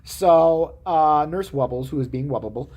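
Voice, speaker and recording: A woman's voice: deep voice, normal speed, mellow. A woman vlogger giving profane, sarcastic commentary with frequent swearing. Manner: sarcastic, swearing, laughing asides.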